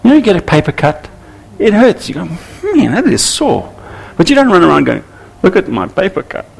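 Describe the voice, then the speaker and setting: A man preaching a sermon to church leaders, animated and acting out little scenes with voices. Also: high voice, brisk, vocal fry, breathy edge. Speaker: pastor.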